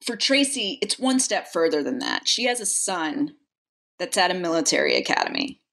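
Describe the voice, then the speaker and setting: A woman's voice: on the low side, huge pitch swings, moderate pace, vocal fry, fairly bright tone. A young adult woman, an actress, talking earnestly and reflectively in an interview. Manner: reflective, earnest, grows emotional. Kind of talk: casual interview conversation.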